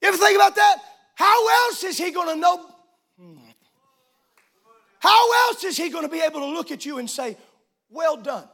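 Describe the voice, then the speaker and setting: A man, a pastor, preaching a sermon in a church, shouting and swinging into sing-song cadences. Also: very high-pitched, animated, normal speed, creaky, long pauses.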